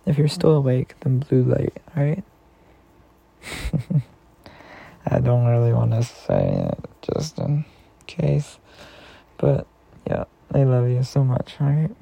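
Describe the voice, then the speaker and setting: A man talking softly and affectionately to a partner and reading a children's storybook aloud at bedtime. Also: medium pitch, very animated, creaky, slightly rough. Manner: gentle, affectionate, slow reading.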